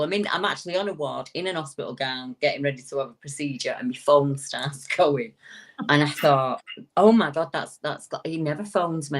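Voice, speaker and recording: A woman, a talk show guest who tells stories in a casual way, jumps up high when she quotes people and restarts her sentences often. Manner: animated storyteller, swooping into high quoted voices, frequent restarts. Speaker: guest paranormal investigator.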